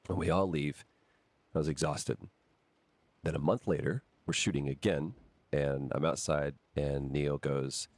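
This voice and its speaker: A man's voice: very deep voice, steady tone, moderate pace, no echo. A man, an actor, candidly recounting a filming story in interview, acting out quoted lines along the way. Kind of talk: interview anecdote.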